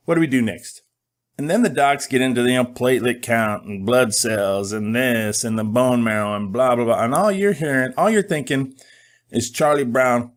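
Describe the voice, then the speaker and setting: A man's voice: medium pitch, moderate pace. Candid middle-aged man telling a story. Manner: candid, joking, animated storytelling. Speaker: host. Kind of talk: casual monologue.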